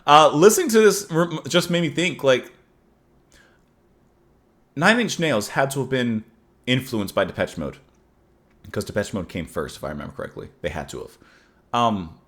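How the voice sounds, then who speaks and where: A man's voice: medium pitch, lively intonation, normal speed, long pauses, a bit bright. A man hosting a casual music reaction, thinking aloud enthusiastically with many fillers and restarts, and reading song lyrics aloud with feeling.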